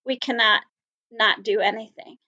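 Woman, sincere, higher pitch, ums and pauses, dull lo-fi recording. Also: steady tone, sharp tone. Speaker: Salvation Army officer. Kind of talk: earnest interview answers.

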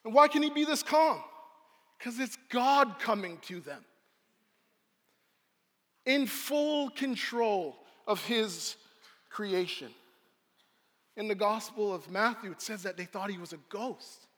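A man preaching a sermon as pastor, telling a scene with lively storytelling and acting it out. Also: high voice, takes it slowly, long pauses. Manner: animated storyteller, acts out scenes. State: out of breath. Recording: long hall reverb.

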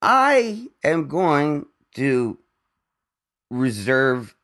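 Bright-voiced rambling man telling a story. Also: a little high, very animated, extremely slow. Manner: rambling storyteller with many restarts, profane. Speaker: podcast host. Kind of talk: casual chat.

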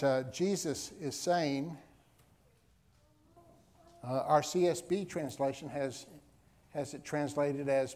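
A man's voice: fairly high pitch, darkish tone. A male pastor preaching a sermon to his congregation, reading scripture and hammering home key phrases through repetition. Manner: emphatic, repeats key phrases for effect. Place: church service before a congregation.

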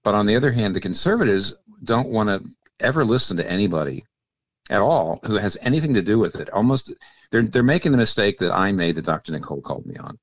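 Older guy, really deep voice, explaining theology slowly on a radio show, dry close sound. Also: animated, no room sound. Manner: thoughtful, explanatory, with many restarts. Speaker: guest pastor and author.

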